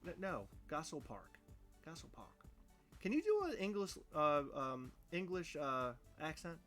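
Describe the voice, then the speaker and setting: A man co-hosting a laid-back chat show, full of playful teasing and exaggerated reactions. His voice is bright, with faint music underneath. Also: on the high side, wildly swooping pitch, measured pace. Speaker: podcast co-host. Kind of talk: casual chat.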